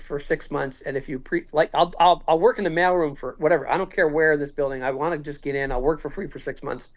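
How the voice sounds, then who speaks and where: Male guest, fifties, brisk storyteller with a slightly high voice who plays out every line of dialogue. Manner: animated, acts out quoted dialogue. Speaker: podcast guest. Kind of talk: storytelling in casual conversation.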